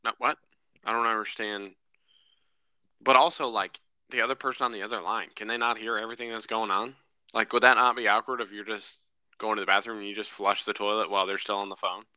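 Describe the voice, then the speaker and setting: A young man co-hosting a podcast, telling a story in a lively, casual way and laughing often. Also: fairly low pitch, brisk, no room sound. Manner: animated storyteller, laughs often, says bro. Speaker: podcast co-host. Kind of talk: casual chat.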